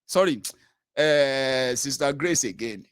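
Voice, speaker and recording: Animated Nigerian man, dry close sound. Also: medium pitch, takes it slowly, clear, resonant tone, no echo. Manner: animated, mixes pidgin into English. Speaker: political commentator. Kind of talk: ranting political commentary vlog.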